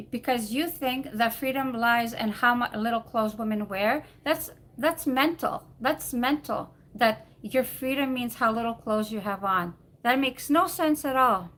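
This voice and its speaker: Woman ranting back at commenters, kinda high voice, lecturing and tripping over her words. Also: a bit bright. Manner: argumentative, lecturing, with frequent repeated words and restarts. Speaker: vlogger; political science graduate. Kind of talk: vlog reply to viewer comments.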